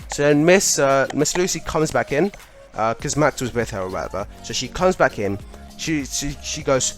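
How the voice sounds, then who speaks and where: A man's voice: a little high, very animated, a little slow, faint music behind. A young man casually telling a funny school story, laughing as he goes. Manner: chatty, laughing, lots of "like".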